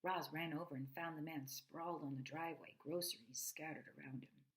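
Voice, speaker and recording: A woman reading a children's novel aloud, expressive, with asides to her listeners. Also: deep voice, a little fast, rough recording. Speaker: reader.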